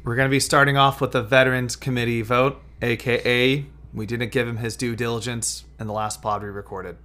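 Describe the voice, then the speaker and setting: A man's voice: medium pitch, level tone, fairly quick, sharp tone. A man co-hosting a fan podcast, reading out a list of players' names and years in a casual tone. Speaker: podcast co-host. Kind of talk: casual chat.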